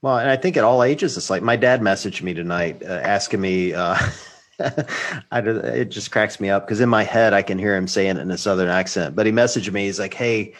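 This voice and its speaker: A man's voice: on the low side, a little fast. A middle-aged man hosting a podcast, rambling and reflective, laughing often. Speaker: podcast host. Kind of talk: casual chat.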